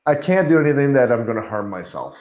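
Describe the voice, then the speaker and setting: A man of middle age talks frankly about hard times as a podcast guest. His voice sits at an ordinary pitch and bounces around a reverberant room. He slips into little quoted voices to replay his own thoughts. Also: big pitch swings, fast, darkish tone. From Canada. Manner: earnest, candid, acts out inner dialogue with quoted voices. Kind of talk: conversational interview. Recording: echoey room.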